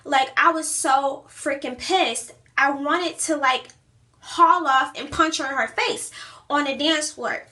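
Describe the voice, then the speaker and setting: High, bright-voiced young woman telling a story. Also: slow. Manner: chatty, animated retelling with many fillers. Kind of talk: casual storytime vlog.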